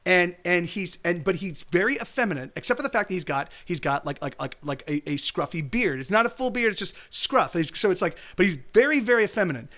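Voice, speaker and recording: Stream host, young man, high voice, rambling storyteller. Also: pushed and bright. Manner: rambling storytelling with many restarts and acted quotes. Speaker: livestream host. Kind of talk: casual chat.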